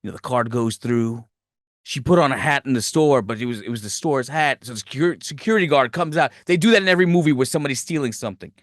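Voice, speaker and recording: A man's voice: medium pitch, fast talker, dry recording, clean studio sound. A man hosting a podcast, animatedly telling a movie's plot in a rambling, profane, casual way. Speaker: podcast host.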